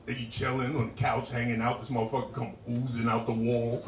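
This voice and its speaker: A man doing a stand-up set, animated and jumping into high-pitched impressions of women, with crowd work. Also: fast talker, few pauses. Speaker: stand-up comedian. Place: comedy club stage. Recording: roomy live club sound heard from a distance. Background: laughing audience.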